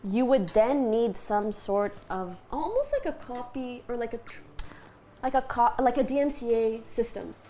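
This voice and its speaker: A young woman chatting as a guest in a kitchen, animated and blunt, laughing often and swearing freely. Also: fairly high pitch, normal speed, slight background noise. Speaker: guest streamer. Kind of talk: casual chat.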